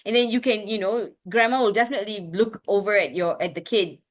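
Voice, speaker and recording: A woman's voice: mid-range voice, brisk. A woman speech expert in a video-call webinar, answering parents' questions in an earnest way, often restarting and checking in with "right?". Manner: acts out parent-child exchanges in a brighter voice.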